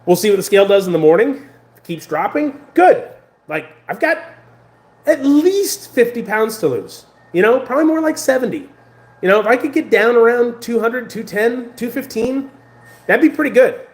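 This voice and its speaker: An American man talking to the camera in a casual vlog, rambling and animated, with many fillers and restarts. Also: very high voice, brisk, roomy sound. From United States. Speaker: vlogger.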